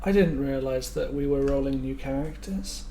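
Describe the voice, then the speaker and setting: A man's voice: mid-range voice, moderate pace, dark tone. A man playing a tabletop game, making dry, wry remarks and swearing. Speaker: player. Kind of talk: casual tabletop game chat. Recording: noisy mic.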